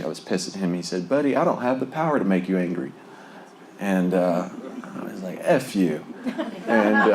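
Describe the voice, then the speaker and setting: A man's voice: deep voice, darkish tone, a little hiss or hum. A man sharing a personal recovery testimony in a conversational, rambling way, full of fillers and small laughs. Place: Lubbock, Texas.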